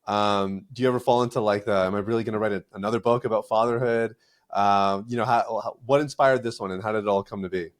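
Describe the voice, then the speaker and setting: A man's voice: on the low side, fairly even intonation, fast talker. A man hosting a podcast interview, asking questions casually and laughing along with his guest. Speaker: podcast host.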